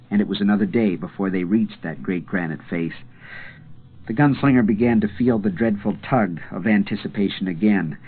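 Low-voiced male audiobook narrator. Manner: measured, dramatic reading with slow pauses. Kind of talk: scripted narration. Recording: tinny phone-like sound.

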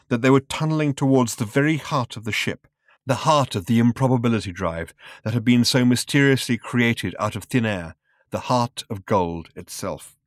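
A man reading a novel aloud in a measured, dry storytelling manner. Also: medium pitch, no room sound. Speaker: audiobook narrator. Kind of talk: scripted narration.

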